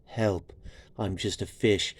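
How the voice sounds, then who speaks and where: A man's voice: on the low side, steady tone, slow pace, slightly rough, pitched above the performer's own voice. A man voicing a lovesick little fish in a whiny, pleading tone.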